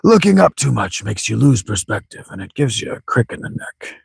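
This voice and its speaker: A man's voice: medium pitch, very animated, creaky, slightly rough, no echo, clean studio sound, voice pushed up, exaggerated voice. A man doing Bugenhagen, chuckling old sage. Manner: chuckling "ho ho ho", slow measured speech. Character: wise old man elder, chuckling, slow and grand.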